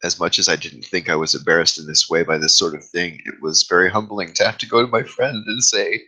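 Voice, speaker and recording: A man's voice: low-pitched, fairly even intonation, a little fast, few pauses, sharp tone, breathy edge, poor audio. A man hosting his own vlog, talking candidly and at length about his fears into his own camera. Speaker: vlog host. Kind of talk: confessional vlog monologue. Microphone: own camera mic, self-recorded.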